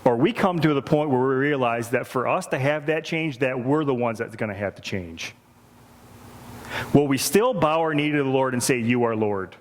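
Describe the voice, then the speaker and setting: A man's voice: medium pitch, expressive, moderate pace, a little hiss or hum. A man preaching a sermon, earnest and repeating phrases for emphasis. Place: church sanctuary. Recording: reverberant church hall.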